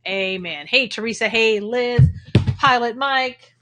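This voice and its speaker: Woman, Texan accent, livestream host, chatty, greets viewers by name, crisp bright tone. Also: on the high side, a little slow. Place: home in Texas.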